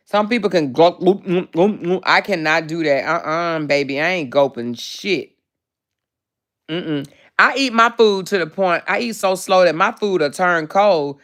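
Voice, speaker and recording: Woman host, casual live chat; smooth clear tone, animated and profane, reads comments aloud. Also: lowish voice. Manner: animated, salty and profane, drawling endearments like child and baby. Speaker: livestream host. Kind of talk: casual livestream chat reading viewer comments.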